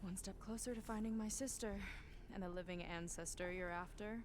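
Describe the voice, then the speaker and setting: A woman's voice: mid-range voice, steady tone, brisk, lightly acted. A woman voicing a feisty young female warrior in video game dialogue, bold and direct. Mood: earnest. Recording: game audio with noise and music.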